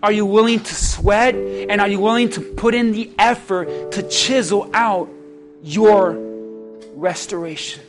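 A male pastor preaches with impassioned delivery in a church, his high voice swelling and then dropping low. A musical instrument plays clearly behind him throughout. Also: unhurried, music in the background. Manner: impassioned, rising and falling preaching. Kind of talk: sermon.

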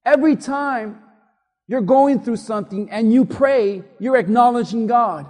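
Preacher guy, really high voice, slow deliberate delivery, echoes round a big hall. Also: a little mellow. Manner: emphatic preaching, repeats lines for the congregation to say along. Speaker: pastor. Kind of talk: sermon. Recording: long reverb of a large hall.

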